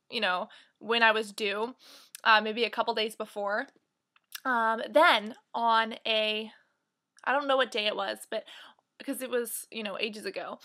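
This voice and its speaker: Filming from home by the kitchen, a 19-year-old beauty vlogger from the United States talks casually to her camera. She sounds bright and pushed with a fairly high pitch, drifting chattily from point to point with plenty of filler words.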